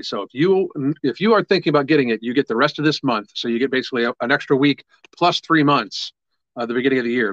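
A man's voice: fairly high pitch, a bit bright, no echo, muffled recording. Upbeat, profane livestream man. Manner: casual, profane, upbeat, reads viewer comments aloud. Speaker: livestream host. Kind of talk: casual livestream chat.

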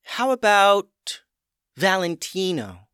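A bold, friendly young girl adventurer as a man reads her in a storybook, pitched a bit up. The delivery is lively and the recording close and dry. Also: slow pace, smooth, no echo, exaggerated voice.

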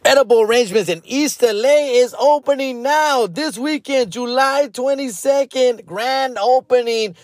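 A man voicing an overexcited male radio ad announcer, loud and high. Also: dry recording, clean studio sound. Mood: hyped. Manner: loud, hyped, drawn-out pitch.

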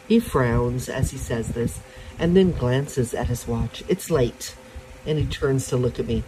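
A podcast host reading an erotic story in slow, expressive first-person narration. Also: mid-range voice, noisy background.

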